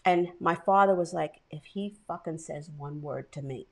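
A woman's voice: sits low, normal speed, gravelly. A woman co-hosting a podcast, telling a story casually with swearing and feeling. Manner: profane, heartfelt storytelling. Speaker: podcast co-host. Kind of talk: casual chat.

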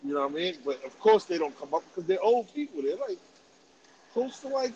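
A man around forty, telling a story in animated, profane, laughing casual podcast chat. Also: high voice, a little fast, dull audio, slight background noise. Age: about 40. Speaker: podcast host.

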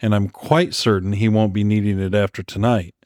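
A man's voice: lowish voice, fairly even intonation, brisk, a little mellow, no room sound, clean studio sound, natural voice. A man voicing a sardonic, wisecracking male operative in an audiobook. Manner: sardonic, joking.

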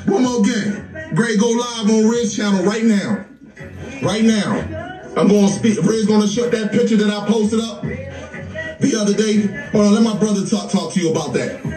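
Brief: high-pitched male host, preachy and repetitive, heard from off-mic with faint music behind. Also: moderate pace, mellow, roomy sound, recorded from a distance. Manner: preachy, repeats phrases, laughs between lines. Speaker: livestream host. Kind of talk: impassioned casual talk.

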